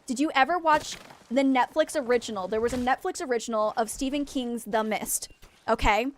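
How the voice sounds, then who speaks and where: A young woman from Maine chats away with her viewers while she plays. Her voice sits high, and she rambles eagerly from one thing to the next, often losing her train of thought. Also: a little fast, a little hiss or hum. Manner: chatty, excitable, easily distracted, rambling. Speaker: game streamer. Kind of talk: casual livestream chat with viewers.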